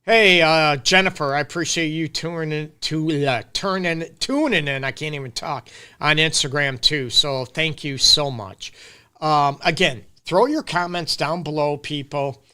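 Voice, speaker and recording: A man's voice: on the high side, a little slow, bright, forceful tone, clean tone. A middle-aged man, hosting a casual live-stream Q&A as a relationship counselor and talking straight to his viewers. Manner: casual, emphatic, addresses viewers directly. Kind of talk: live-stream advice talk.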